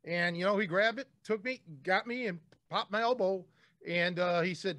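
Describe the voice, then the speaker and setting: High-voiced blunt man, dry sound. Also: normal speed, sharp tone, no room sound. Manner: blunt, swears freely. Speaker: podcast host. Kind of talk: casual podcast storytelling.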